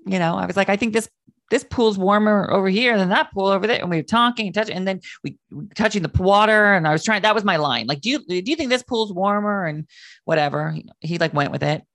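A middle-aged man hosting a call-in show, chatting and telling a story in a lively, animated way. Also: sits high, fast, vocal fry, no room sound, studio quality. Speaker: host. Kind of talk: casual chat show talk. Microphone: video call.

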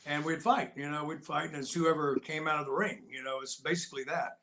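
A man's voice: on the high side, a little fast. Older man spinning folksy war stories. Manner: folksy, animated anecdote-telling. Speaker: interview guest, actor and Navy veteran. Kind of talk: casual storytelling in an interview.

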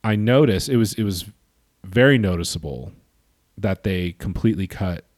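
Low-voiced man in casual podcast chat. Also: a little mellow, no echo, studio quality. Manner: jokey, quick asides. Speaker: podcast co-host.

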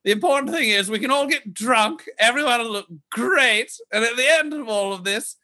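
A man's voice: extremely high pitch, moderate pace, sharp tone, pitched above the performer's own voice, heavily acted. A man voicing a flamboyant, vain young noble heir with an airy, self-satisfied manner. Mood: smug, airy.

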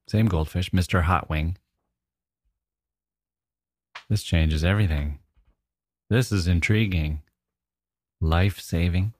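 A middle-aged podcast host with a low, slightly mellow voice and no echo tells a comic story. His humor is dry, wry and musing, delivered as a monologue.

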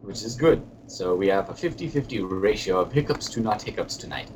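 A man's voice: lowish voice, lively intonation, brisk, slight background noise, natural voice, poor audio. A man playing a fussy, pompous British lord on a comedy podcast, speaking in a put-on British accent, rambling and hesitant while he has the hiccups. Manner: rambling, hesitant, genteel phrasing. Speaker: podcast co-host. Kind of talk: comedic podcast character chat.

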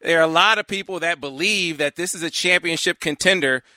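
A man's voice: a little high, a little fast, pushed and bright, dry recording, studio quality. A man hosting a casual interview, asking questions conversationally. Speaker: host.

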